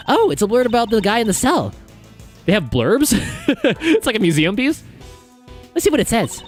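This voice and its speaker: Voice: medium pitch, huge pitch swings, brisk, soft background music. A game streamer giving casual, playful playthrough commentary, reading on-screen text aloud.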